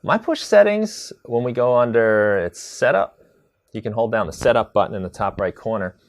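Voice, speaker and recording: A man teaching a live tutorial on drum sequencing, chatty and relaxed, answering viewer questions as he demonstrates. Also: fairly low pitch, brisk, dry recording. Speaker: music production instructor.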